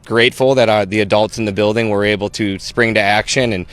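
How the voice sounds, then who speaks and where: A man from the school staff speaking earnestly, slightly halting, in a news interview clip. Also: on the low side, fairly even intonation, fairly bright tone, clean tone.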